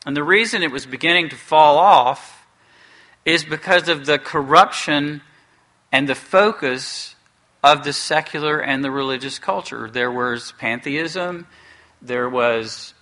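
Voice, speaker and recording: Man preaching slow, earnest, bright clear tone, stops to think a lot. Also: a little high. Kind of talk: sermon.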